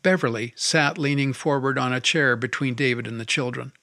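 Here the male narrator continues reading the novel with steady, even pacing as scripted audiobook narration. The studio audio is clean and echo-free, and his voice stays at a medium pitch.

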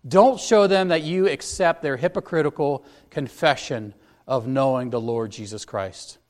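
A man's voice: mid-range voice, unhurried. A man preaching an expository sermon as a pastor, teaching earnestly verse by verse.

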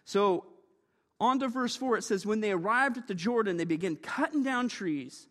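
A man preaching a sermon in a church, lively and joking, often calling for amens. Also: high-pitched, moderate pace, in a large hall.

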